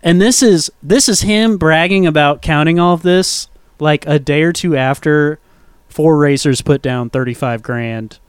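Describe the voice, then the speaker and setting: A man's voice: on the high side, measured pace, clear, resonant tone, no echo, clean studio sound. A man chatting casually as a guest on a movie podcast, laid-back with wry asides.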